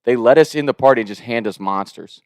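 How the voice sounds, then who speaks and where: A man's voice: fast, no room sound, clean studio sound. A young man casually telling a story, laughing often, swearing freely and acting out the people he quotes. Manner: acts out quoted people with shifts in pitch and loudness.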